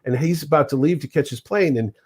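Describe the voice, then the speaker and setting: A man's voice: fairly high pitch, fast talker. A man casually telling convention stories on a podcast, acting out the voices of the people in them. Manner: animated, acts out quoted voices.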